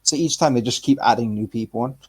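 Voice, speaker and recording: Man, middle pitch, casual podcast chat, rambling, animated, swears. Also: fast talker, slightly rough. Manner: rambling, animated, swears freely, frequent restarts. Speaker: podcast co-host.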